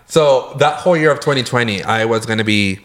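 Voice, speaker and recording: This podcast co-host, a young man from California, speaks a little fast at a medium pitch. His storytelling is lively and loose, full of curse words and acted-out reactions of his own.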